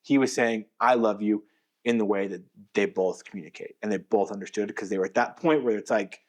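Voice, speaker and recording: A man with a slightly low voice, chatting on a podcast. He retells scenes with real animation, slips into acted-out quotes, and trips over his restarts as he goes. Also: brisk. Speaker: podcast co-host. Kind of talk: casual podcast chat.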